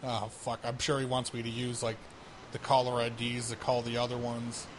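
A man's voice: mid-range voice, completely flat delivery, moderate pace, noisy background. A man hosting a prank call show, chatting crudely and laughing as he acts out voices in his stories. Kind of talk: crude casual banter.

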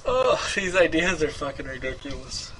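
Brief: male prank-show host, bright, slightly high voice, chatty and crude, faint hiss behind. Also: sing-song, moderate pace, low-quality recording. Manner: loose, laughing, swears freely. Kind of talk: casual live-stream chat.

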